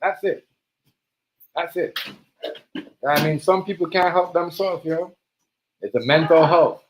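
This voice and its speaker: A man streaming a casual monologue, talking in animated street slang and repeating himself. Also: a little high, a little slow, a little hiss or hum, low-quality recording.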